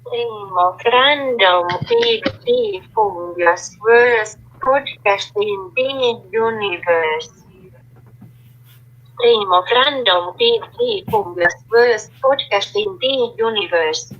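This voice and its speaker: Flat synthetic woman's voice from a speech tool, slow and breathy, played through a phone speaker. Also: medium pitch. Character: text-to-speech woman reading a podcast tagline. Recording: dull phone speaker playback.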